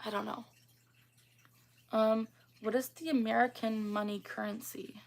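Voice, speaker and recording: A woman's voice: fairly high pitch, fairly even intonation, unhurried, gravelly, darkish tone. A woman, hosting a casual livestream and chatting as she reads out and answers viewer comments. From Canada. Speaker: livestream host.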